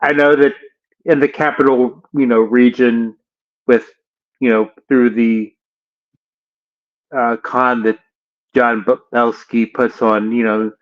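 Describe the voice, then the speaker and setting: A man hosting a casual interview, who talks in a halting way with frequent restarts. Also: medium pitch, little pitch movement, muffled recording. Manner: halting, many fillers and restarts. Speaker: interview host.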